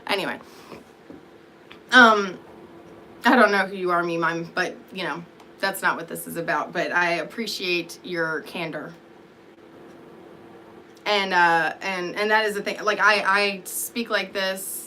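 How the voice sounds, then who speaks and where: A woman's voice: on the low side, measured pace, long pauses, bright, forceful tone, slight background noise. A sleepy woman in her thirties, rambling and swearing as she answers her live chat. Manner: rambling, profane, self-deprecating, answering chat. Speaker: vlogger talking to live chat.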